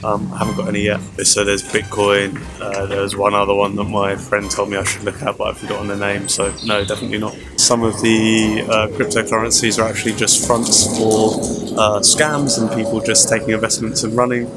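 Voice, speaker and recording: A man's voice: lowish voice, flat delivery, fairly quick. A man answering a street interview, thoughtful and hesitant. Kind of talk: vox pop answer. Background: music.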